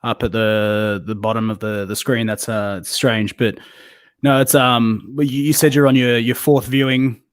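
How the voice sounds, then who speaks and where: A man's voice: mid-range voice, little pitch movement, moderate pace, dry recording. A man chats on a podcast in a laid-back way, laughing often and stumbling over his words. His mid-range voice sounds close and dry, with no room sound. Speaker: podcast co-host. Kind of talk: casual podcast chat.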